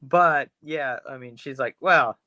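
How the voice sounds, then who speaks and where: A man's voice: mid-range voice, a little slow, sharp tone, no room sound, lo-fi sound. A man co-hosting a podcast, retelling a story in a rambling, profane way and acting out the characters' lines. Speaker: podcast co-host. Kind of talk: casual chat, retelling a film episode.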